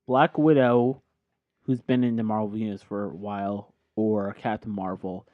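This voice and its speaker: A man's voice: fairly low pitch, fairly even intonation, moderate pace, dry recording. A tipsy man hosting a casual podcast chat, rambling and correcting himself as he goes. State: tipsy from drinking. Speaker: podcast host. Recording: dull lo-fi sound.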